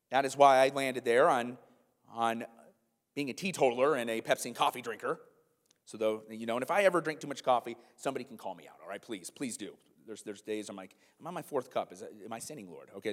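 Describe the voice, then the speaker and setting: A man's voice: mid-range voice, a little fast. Preaching man in a reverberant church hall. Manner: animated, conversational preaching with asides to the room. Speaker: pastor. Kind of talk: sermon. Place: church hall, live congregation.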